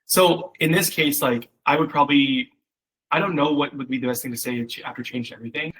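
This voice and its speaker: Brisk and fairly bright, this man's mid-range voice carries a slight roughness as he coaches someone on their copywriting. The one-on-one critique stays casual and chatty, heavy on fillers, and he acts out the voices he quotes. The recording is rough.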